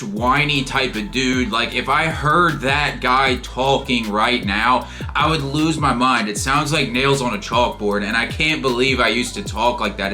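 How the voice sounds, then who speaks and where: Chatty young man with a bright voice. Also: medium pitch. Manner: chatty and emphatic, with frequent "like". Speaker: voice coaching vlogger. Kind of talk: casual instructional vlog.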